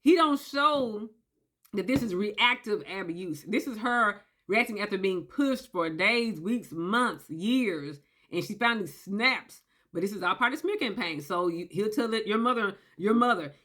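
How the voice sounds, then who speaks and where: A woman giving a casual explainer, emphatic and animated, often checking in with "okay?" and acting out quoted voices. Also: medium pitch, moderate pace. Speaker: commentator on narcissistic abuse. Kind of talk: casual talking-head explainer.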